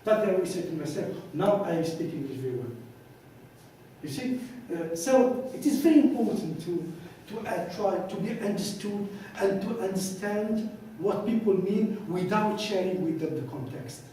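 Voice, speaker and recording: A man's voice: high-pitched, lively intonation, normal speed, warm tone, a little hiss or hum. A man giving a lecture, telling anecdotes and acting out both sides of the dialogues, recorded in a hall from some distance. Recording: echoey hall, voice from far off.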